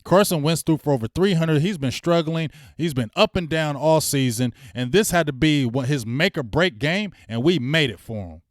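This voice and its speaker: A man's voice: a little high, animated, moderate pace, few pauses, dry recording, studio quality. A middle-aged man hosting a sports fan show, ranting bluntly and heatedly in slangy casual speech. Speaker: sports talk host. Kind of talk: fan rant commentary.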